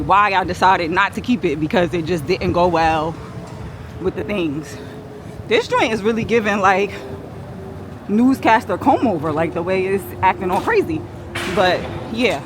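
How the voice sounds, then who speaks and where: New woman vlogger, candid slangy street talk on a handheld camera, traffic and wind noise behind. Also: lowish voice. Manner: chatty, blunt, playful slang. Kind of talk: casual vlog monologue. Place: outdoors on a cold windy city street.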